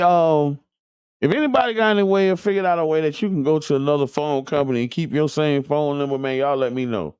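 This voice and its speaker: A man's voice: fairly high pitch, fast, a little mellow, smooth, no room sound. A man from the Tampa Bay area, hosting a community radio show in loose, joking chat aimed straight at listeners. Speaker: radio host. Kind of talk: casual talk radio chat.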